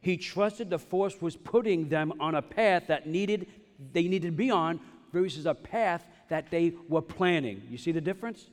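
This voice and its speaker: A pastor delivering a sermon in an emphatic, repetitive preaching style, with humorous asides. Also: male voice, on the high side, normal speed. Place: church sanctuary. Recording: long reverb of a large hall.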